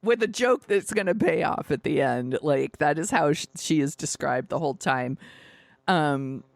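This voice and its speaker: A woman's voice: low-pitched, lively intonation, moderate pace, vocal fry, no echo. A woman co-hosting a podcast, chatting casually about a movie, rambling and swearing with lots of fillers and laughs. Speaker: podcast co-host.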